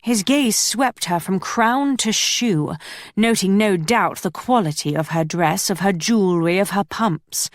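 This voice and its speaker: Female audiobook narrator, measured and steady, dry close recording. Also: mid-range voice, no room sound. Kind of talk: scripted narration.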